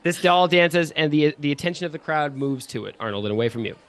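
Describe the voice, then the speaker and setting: A man narrating as game master of a tabletop game, in a relaxed way with many fillers. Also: a little high, fast talker, faint music behind.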